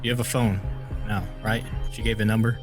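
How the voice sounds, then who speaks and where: A man with a lowish voice plays in a tabletop role-playing session. He talks quickly and urgently, pressing the others, with faint music beneath. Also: flat delivery. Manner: urgent, quick, in-character talk. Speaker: player.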